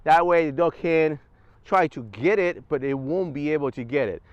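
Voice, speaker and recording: A man talks through training steps at an easy, explanatory pace in a casual vlog. His voice is smooth and resonant, a little higher than most men's. It sits close on a clip-on mic with a dry sound. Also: moderate pace, dry recording, muffled recording. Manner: relaxed step-by-step explaining. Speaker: service dog trainer. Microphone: wireless clip-on mic.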